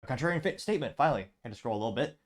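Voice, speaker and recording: A man's voice: medium pitch, expressive, rapid-fire. A man hosting a show, casually reading online comments aloud and adding dry asides. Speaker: show host.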